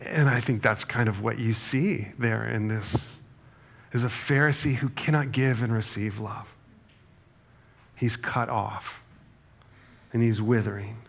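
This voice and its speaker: A man's voice: mid-range voice, measured pace, creaky, long pauses. A middle-aged male pastor preaching a sermon in a conversational, self-deprecating storytelling manner, often checking in with the congregation. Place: church sanctuary.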